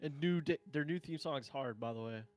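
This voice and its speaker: A man's voice: a little high, brisk, a little mellow, no echo. A man co-hosting a wrestling podcast, throwing in slangy, laughing reactions. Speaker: podcast co-host. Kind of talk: casual banter.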